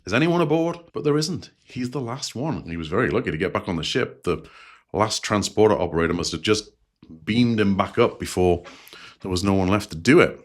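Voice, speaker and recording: A man with a fairly low voice talks through a TV episode as a show host. His recap is casual and chatty. He pauses now and then to reflect on what the story means. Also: expressive.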